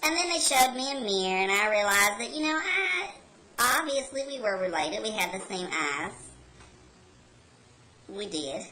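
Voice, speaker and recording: A woman's voice: medium pitch, big pitch swings, a little slow, long pauses, sharp tone, a little hiss or hum, rough recording. A woman playing a brash, rebellious carnival worker, telling a rambling folksy story as a comedy character monologue.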